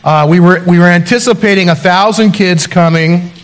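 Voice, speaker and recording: Higher-voiced man preaching casually. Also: normal speed. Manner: conversational storytelling with self-deprecating humor. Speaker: pastor. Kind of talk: sermon.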